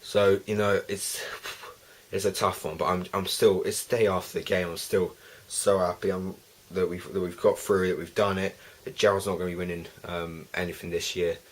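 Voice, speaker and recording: A man's voice: sits low, little pitch movement, normal speed. A young man ranting and swearing through a fan video review of a football match, rambling with many restarts.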